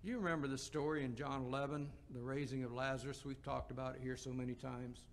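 A man's voice: medium pitch, vocal fry, a little hiss or hum. A man preaching a sermon, explaining scripture passages with quotes and rhetorical questions.

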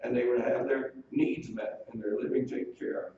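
A man's voice: medium pitch, fairly even intonation, brisk, dark tone. Man preaching in a very echoey church. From United States. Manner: earnest preaching, quotes scripture in old wording. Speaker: pastor. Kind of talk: sermon. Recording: distant mic in a very echoey room, dull lo-fi sound, faint hiss.

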